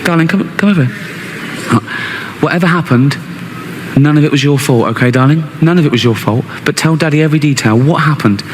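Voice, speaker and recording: A man's voice: on the high side, a little fast, big-room sound, a little hiss or hum, natural voice. Man doing an anxious, coaxing dad. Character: worried father questioning his daughter.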